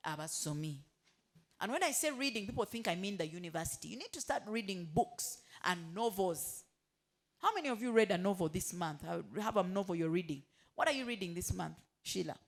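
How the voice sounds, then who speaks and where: A woman giving a motivational talk to hotel staff. She keeps asking the room questions and has them finish her sentences. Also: mid-range voice. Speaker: motivational speaker.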